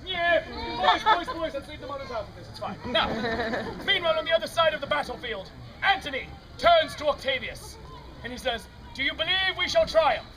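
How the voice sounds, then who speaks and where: A woman's voice: high-pitched, expressive, moderate pace, poor audio. A woman narrating an interactive comic street-theater show, playfully ad-libbing and calling out lines for the audience to repeat. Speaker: comedic storyteller leading audience participation. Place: outdoor fair stage. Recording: outdoor recording with a loud crowd. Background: loud live audience.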